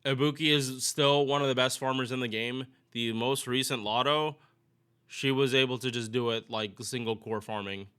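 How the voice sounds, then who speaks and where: A man's voice: medium pitch, fairly even intonation, normal speed, sharp tone, clean tone. A man giving casual, rambling game commentary to his viewers, often restarting his sentences and chatting directly to them. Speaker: gaming YouTuber.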